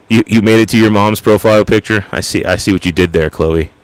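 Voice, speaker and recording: A man's voice: on the low side, fairly even intonation, normal speed, dry recording. A man casually chatting with his live viewers, rambling and joking at his own expense. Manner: self-deprecating, jokey, rambling. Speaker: livestream host.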